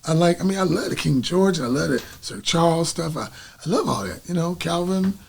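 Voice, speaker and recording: A middle-aged singer from the United States, a guest telling stories in a casual interview and acting out the dialogue. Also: male voice, on the high side, fairly quick, gravelly, husky. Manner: animated, acts out quoted dialogue.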